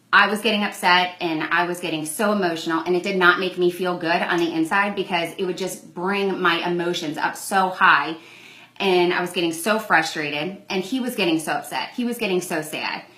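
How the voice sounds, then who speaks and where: A woman's voice: lowish voice, pushed and bright, reverberant, rough recording. A young woman telling a personal story in a candid, conversational vlog, acting out the lines in quoted exchanges. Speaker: vlogger.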